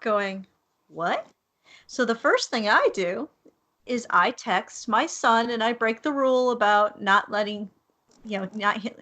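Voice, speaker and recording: A woman with a bright, fairly high voice, chatting casually as a podcast co-host. She tells her story with lively buildup and keeps checking that her listeners are with her.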